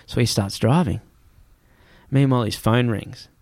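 A man with an Australian accent telling a story in a casual chat, rapid and swearing freely as he acts out what people said. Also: medium pitch, a little mellow, no echo, clean studio sound.

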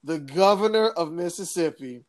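A woman co-hosting a casual political podcast, talking in an animated, sarcastic way, with laughs and mocking impressions. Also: on the low side, normal speed. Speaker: podcast co-host.

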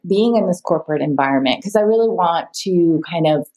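A woman's voice: lowish voice, animated, a little fast, mellow. A woman hosting a podcast, asking the guest probing, affirming questions. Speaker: podcast host. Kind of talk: interview questions.

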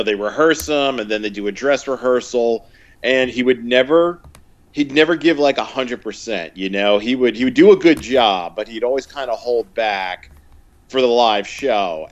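A man chatting on a podcast in an easygoing, meandering way. His voice sits at an ordinary pitch, and he strings his stories together with constant fillers. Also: dull audio. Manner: rambling, filler-heavy storytelling with quoted impressions. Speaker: podcast co-host. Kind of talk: casual chat.

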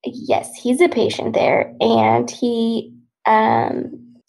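A woman co-hosting a podcast, telling a true-crime story in a casual, unhurried, matter-of-fact way. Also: on the high side, big pitch swings, creaky, a crowd in the background, poor audio. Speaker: podcast co-host.

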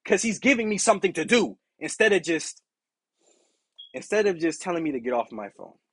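A man hosting a podcast, telling a casual story in an animated, profane way and acting out the people in it. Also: a little high, brisk, husky, no room sound. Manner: animated, profane, acts out quoted exchanges. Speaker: podcast host.

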